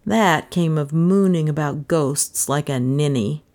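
A woman reading a mystery story aloud in an expressive, suspenseful narration. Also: sits low, a little slow. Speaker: audiobook narrator. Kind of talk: scripted narration.

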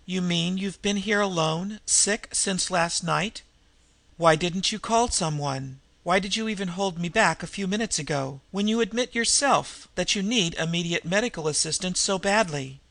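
A man voicing an earnest young woman heroine who speaks in a gentle, soothing way. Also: high voice, moderate pace, creaky, no room sound, heavily acted.

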